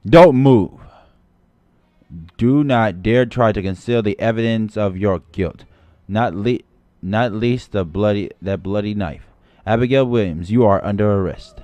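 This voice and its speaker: A man reading out a cold, unyielding witch-hunting judge who speaks slowly and commands without raising his low voice. He reads a game story on a livestream, with a dry, close sound and faint music underneath. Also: mellow, no echo, close to an everyday voice. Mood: stern. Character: stern zealous male witch-hunting judge.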